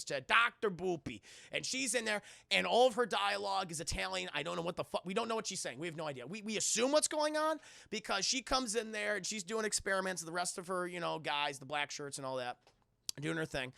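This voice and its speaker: Brief: male streamer, high and gravelly, casual swearing film breakdown, dry close sound. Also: bright, forceful tone, no echo. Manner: rambling, profane, addresses chat. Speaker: film reviewer on a livestream. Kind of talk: casual chat.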